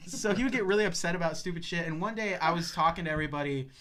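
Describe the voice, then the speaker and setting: A man's voice: a little high, very fast, fairly bright tone. A man in his twenties, co-hosting a podcast, telling a story in casual chat, laughing often and mimicking people as he goes. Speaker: podcast co-host.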